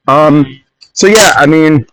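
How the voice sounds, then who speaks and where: A man's voice: on the high side, slow, fairly bright tone, slight background noise, low-quality recording. Rambling, ranting man on a phone mic. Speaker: solo podcaster. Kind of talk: casual rambling monologue.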